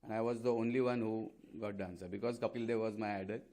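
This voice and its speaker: A man in his fifties from India, a guest speaker and former fast bowler, giving a speech at a club event with earnest, anecdotal storytelling and frequent fillers. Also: lowish voice, fairly even intonation, dark tone. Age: 50s.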